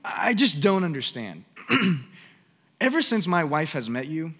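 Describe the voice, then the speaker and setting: A man's voice: sing-song, slow, slightly rough, full character voice. A man voicing a jealous husband on the phone, in a raised, agitated voice. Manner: high, loud and agitated.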